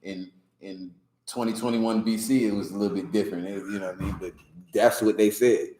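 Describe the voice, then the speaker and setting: A man giving casual, animated commentary as instructor of a scripture class, laughing often and slipping into mock voices. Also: on the low side, fairly quick, reverberant, rough recording.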